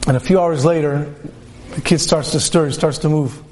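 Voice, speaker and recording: High-voiced man telling a sermon story. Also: fast, slight background noise. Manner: animated storyteller, voices characters with pitch jumps. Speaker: rabbi giving a Torah talk.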